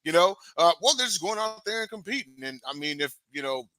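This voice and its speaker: A man's voice: sits high, sing-song, fairly quick, pushed and bright, no room sound. A man co-hosting a sports talk show, agreeable and rambling, with lots of fillers.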